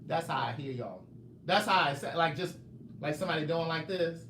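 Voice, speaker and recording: A man's voice: fairly high pitch, a little fast, reverberant, a little hiss or hum. A man author chatting casually on a live stream, telling stories and teasing his viewers. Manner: animated storytelling, joking, teasing viewers.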